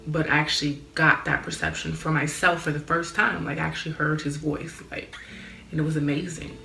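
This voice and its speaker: A woman's voice: sits low, a little fast, gravelly, pushed and bright, reverberant, faint music behind. A young woman sharing a personal faith testimony in a candid, earnest way, with lots of "like". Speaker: vlogger.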